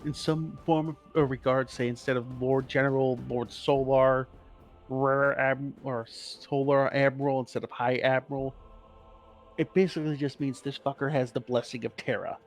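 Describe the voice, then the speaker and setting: A man's voice: medium pitch, flat delivery, normal speed, soft background music. A man co-hosting a casual podcast, explaining game lore in a rambling, profane way and correcting himself as he goes.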